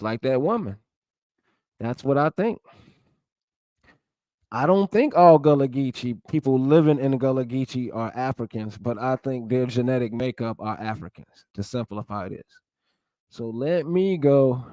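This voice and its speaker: A man's voice: mid-range voice, warm tone, dry recording. A man giving casual, blunt commentary while reading a text aloud, with an opinionated tone and the odd swear word. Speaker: vlogger.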